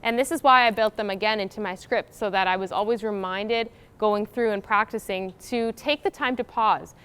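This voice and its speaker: A woman's voice: mid-range voice, moderate pace, fairly bright tone, clear, resonant tone. A young woman co-presenting a university workshop, explaining in a casual, sort-of-filled way. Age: young adult. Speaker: graduate student co-presenter.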